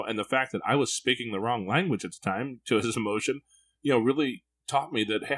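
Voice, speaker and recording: A man hosting a parenting podcast, talking in a candid, reflective way. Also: fairly low pitch. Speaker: podcast host. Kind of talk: podcast interview.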